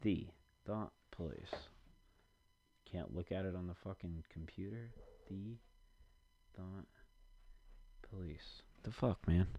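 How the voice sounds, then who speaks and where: A man's voice: low voice, lively intonation, slow, gravelly, pauses often, mellow. A man rambling casually to himself and his audience from his basement, cursing often and muttering while he searches for something.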